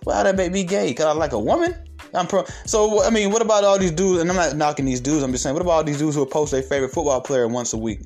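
A man's voice: a little high, fast, a little mellow, soft background music. A man delivering a heated, profane monologue to his viewers, firing off rhetorical questions with emphasis. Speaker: online commentator.

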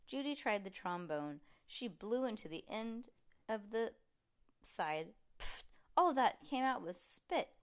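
Woman reading a storybook aloud with lively, animated pitch. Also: measured pace, smooth. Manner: lively, animated reading with voiced characters and frequent slips. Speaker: storybook reader. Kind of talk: reading a children's chapter book aloud.

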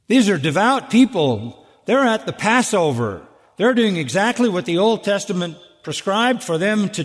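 Emphatic preacher in an echoing hall. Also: male voice, high-pitched. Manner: emphatic, addresses the congregation directly with rhetorical questions. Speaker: pastor. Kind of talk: expository sermon. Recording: echoey hall with long reverb.

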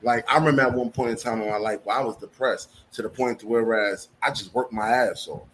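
A man's voice: mid-range voice, brisk, fairly bright tone, slight background noise, low-quality recording. A man talking in a casual podcast chat, candid and slangy, swearing freely.

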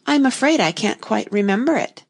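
A woman's voice: a little high, lively intonation, moderate pace, pitched above the performer's own voice. A woman voicing a polite, curious seven-year-old girl in a storybook reading. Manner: polite, earnest. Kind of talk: audiobook reading.

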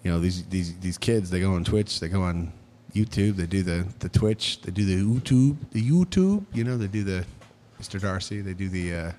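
A man's voice: sits low, fairly even intonation, a little fast, darkish tone. A man co-hosting a podcast, chatting casually and rambling, often trailing off mid-thought and laughing. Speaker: podcast co-host.

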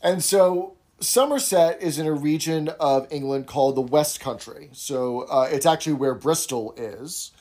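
A man's voice: fairly high pitch, a little slow, hardly any pauses, a little mellow. A man co-hosts a casual talk. He walks through explanations step by step and keeps checking in with his listener. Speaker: co-host. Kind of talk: casual chat explaining culture.

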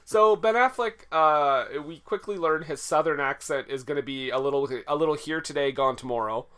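A man's voice: fairly high pitch, normal speed, bright, forceful tone, clean tone. A man co-hosting a casual movie-review podcast, sarcastic and laughing often. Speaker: podcast co-host.

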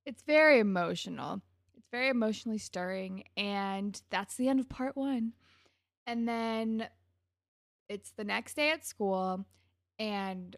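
A young woman in casual chat, recapping a TV episode and acting out the characters' lines with animated energy. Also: medium pitch, creaky, no room sound, clean studio sound. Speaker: podcast co-host recapping a TV episode.

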